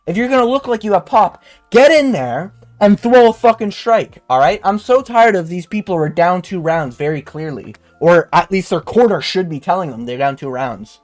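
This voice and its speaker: A man's voice: high voice, lively intonation, moderate pace, hardly any pauses, darkish tone, soft background music. A young man ranting with frustration and heavy swearing as he breaks down a fight card in casual chat. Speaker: MMA commentator.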